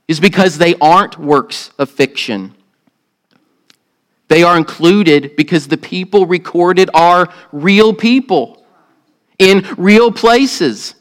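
A man's voice: sits high, fairly bright tone, clean tone, poor audio. A man with a Southern US accent, a pastor preaching earnestly and asking the congregation questions. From Southern United States. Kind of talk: sermon with opening prayer.

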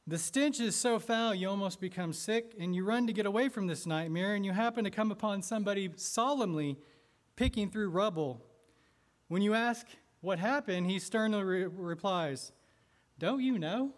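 A man's voice: sits high, normal speed. A man preaching a sermon in church, narrating an imagined scene with vivid, theatrical storytelling. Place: church sanctuary.

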